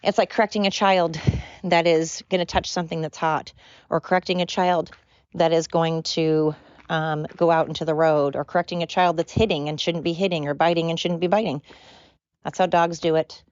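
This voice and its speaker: A woman's voice: low-pitched, steady tone, normal speed, darkish tone, dry recording, dull audio. A woman hosting her own podcast, rambling earnestly and repeating herself. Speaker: podcast host. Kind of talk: casual solo podcast rambling.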